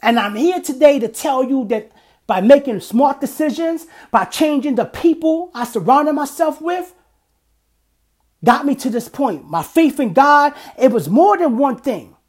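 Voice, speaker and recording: A man's voice: very high-pitched, lively intonation, a little slow, darkish tone. A middle-aged man hosting a podcast, giving a blunt, emphatic motivational monologue and swearing freely. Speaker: podcast host.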